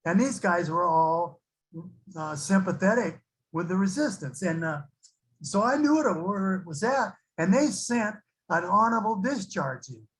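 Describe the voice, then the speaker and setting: A man's voice: high-pitched, lively intonation, unhurried, poor audio. An older man sharing his recovery story with a support group, rambling and laughing as he acts out the people in it. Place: online recovery meeting.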